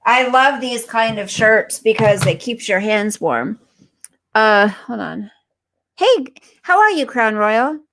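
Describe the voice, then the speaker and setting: On a casual stream, a woman with a mid-range, fairly bright voice speaks slowly, with slight background noise. She reads viewers' comments aloud and responds to them by name in a chatty manner, though she seems unwell and fatigued.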